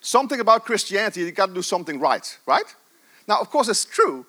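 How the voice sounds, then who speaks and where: High, bright-voiced passionate male preacher. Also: very animated, quick pace. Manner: passionate, emphatic, repeats phrases. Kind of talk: sermon.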